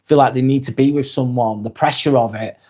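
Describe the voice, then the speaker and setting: A British man hosting a live stream, reading viewer comments aloud and answering them in a soft, sympathetic way with light laughs. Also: medium pitch, steady tone, a little fast.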